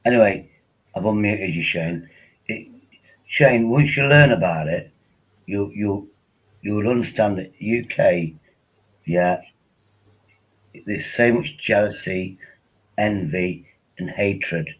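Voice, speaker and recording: A man's voice: lowish voice, takes it slowly, pauses often, slightly rough, low-quality recording. A man hosting a casual livestream, rambling and joking while tipsy on wine, often repeating himself. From England. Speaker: livestream host.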